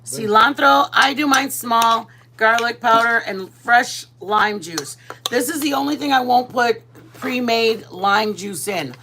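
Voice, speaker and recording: A woman's voice: a little high, a little slow, bright, forceful tone. Woman, casual cooking chat, laughs often, faint noise. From Texas. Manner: chatty, laughs often, mixes in Spanish words. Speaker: vlogger.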